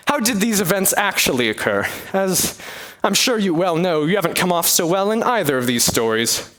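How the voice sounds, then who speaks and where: A young man performing a one-man comedy play, with a hammy, exaggerated delivery and sudden pitch swings. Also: a bit bright. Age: young adult. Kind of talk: theatrical one-man comedy, many voices.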